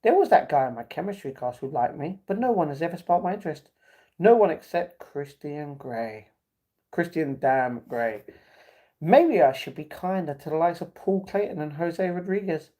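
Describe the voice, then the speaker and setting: A man's voice: a little high, lively intonation, moderate pace, mellow. A man reading a novel aloud on a live stream, stumbling and correcting himself, with breaks where he laughs at the chat.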